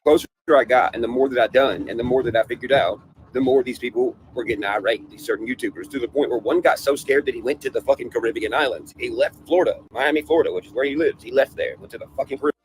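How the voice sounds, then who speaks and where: A man's voice: medium pitch, fast, rough recording. A man ranting in a casual livestream panel, profane and conspiratorial, with faint noise behind him. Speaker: panel guest.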